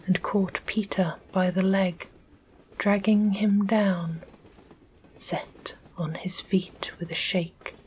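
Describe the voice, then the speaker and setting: A woman with an English accent reading a classic children's story aloud as whispered ASMR narration, in a soft whisper. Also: lowish voice, slight background noise, poor audio. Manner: slow, calm storytelling. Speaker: audiobook narrator.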